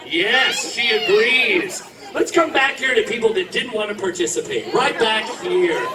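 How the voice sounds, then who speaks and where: A man's voice: high-pitched, expressive, a little slow, background noise. A man hosting a live comedic game show, a brash, showy announcer working the crowd. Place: outdoor theme park street show. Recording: distant echoey outdoor live recording, loud music and crowd.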